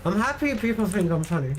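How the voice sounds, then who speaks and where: A Swedish woman streams herself playing a game, chatting casually and joking with her viewers in a rambling, teasing way. Her voice sits high, and there is slight background noise.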